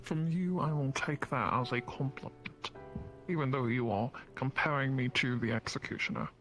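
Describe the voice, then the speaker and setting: A man's voice: medium pitch, moderate pace, a bit bright, soft background music, close to an everyday voice. A man playing a dry, patronizing companion. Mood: dry teasing. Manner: dry, formal, patronizing teasing. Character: formal, needling male companion, dry and superior. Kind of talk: voice role-play in a virtual world.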